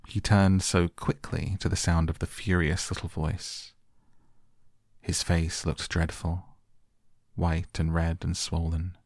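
A man reads a classic story softly for sleep, in a very deep voice with a gravelly fry. He takes his time, calm and measured, and the sound is close and dry. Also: no room sound. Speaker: audiobook narrator. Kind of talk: soft bedtime audiobook reading.

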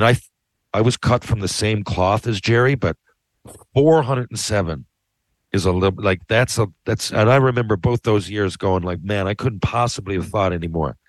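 Deep-voiced guy hosting a podcast, rambly and sweary, keeps losing the thread, dry close sound. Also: no echo. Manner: rambling, profane, self-interrupting. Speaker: podcast host. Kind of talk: casual storytelling. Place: his living room.

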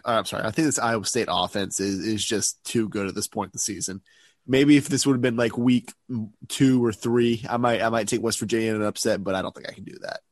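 A man's voice: mid-range voice, no room sound. A sniffly man who is sick, co-hosting a sports podcast in a rambling, joking way and often correcting himself. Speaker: podcast co-host. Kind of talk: casual sports chat.

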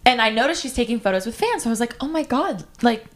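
A young woman co-hosting a podcast, giggling as she excitedly recounts a story. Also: on the high side, fast talker, a little hiss or hum. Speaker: podcast co-host. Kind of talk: casual storytelling chat.

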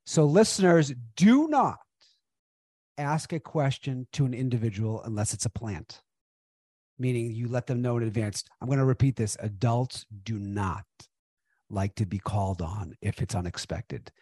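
A man who works as a speaker and trainer, a guest on a podcast, talking in an animated, emphatic way and repeating phrases for stress. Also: mid-range voice, normal speed, slightly rough, no room sound, clean studio sound. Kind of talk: conversational interview.

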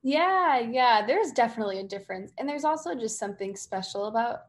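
A young woman from the Boston area, a singer-songwriter, talking casually in an interview with many fillers and lively quoted asides. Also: fairly high pitch, fairly quick. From Massachusetts, near Boston. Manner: chatty, many fillers, animated quoting.

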